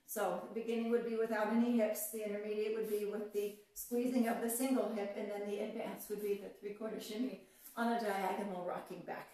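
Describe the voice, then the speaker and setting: A woman's voice: medium pitch, level tone, fairly quick, mellow. Dance teacher woman counting steps aloud. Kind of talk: live online dance lesson. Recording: echoey room, voice from far off, faint music.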